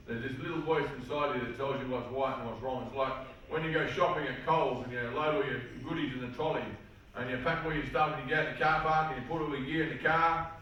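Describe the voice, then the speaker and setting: Addressing a seminar audience in a large hall, a man with an Australian accent gives a personal testimony talk, telling his stories in an earnest, plain-spoken way full of slang. His medium-pitched voice is steady, quick, and sharp in tone. The audio is dull and echoey, with the mic far off and slight background noise.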